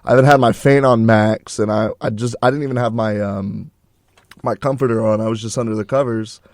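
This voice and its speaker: A man's voice: on the low side, fairly even intonation, brisk, a little mellow, dry recording. A young man co-hosting a college radio show in a studio, chatting in an easygoing, rambling way and laughing often. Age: young adult. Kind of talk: casual chat. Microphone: studio mic.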